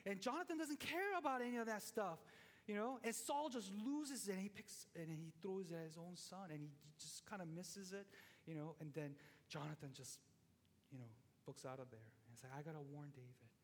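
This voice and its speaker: A man in his forties preaching a casual, conversational sermon, telling the story in an animated way with lots of fillers and restarts. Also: sits high, normal speed. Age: 40s. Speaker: pastor. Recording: long hall reverb.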